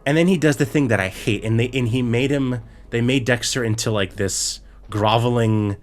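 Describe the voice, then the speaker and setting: A man's voice: mid-range voice, normal speed. A man co-hosting a podcast, recapping a show in a profane, exasperated rant full of restarts. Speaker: podcast co-host.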